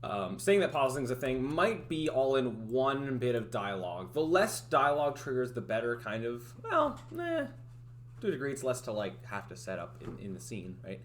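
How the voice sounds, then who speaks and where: A man's voice: mid-range voice, sing-song, normal speed, slight background noise. Rambling man thinking aloud. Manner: rambling, self-interrupting, laughs often. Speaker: livestreaming game developer. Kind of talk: casual thinking-aloud chat.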